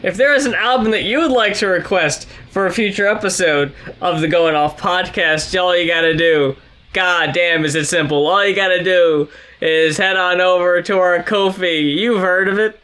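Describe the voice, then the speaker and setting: A man co-hosting a podcast, chatting about an album in casual conversation with dry, deadpan asides. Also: high voice, normal speed, clear, resonant tone. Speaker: podcast co-host. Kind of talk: casual album review chat.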